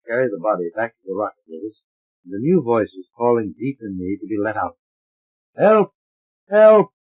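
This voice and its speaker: Male audiobook narrator, husky, lo-fi vintage recording. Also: fairly low pitch, fast talker, a little mellow. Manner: dramatic, varied character voicing. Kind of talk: expressive audiobook reading. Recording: dull lo-fi transfer of an old record.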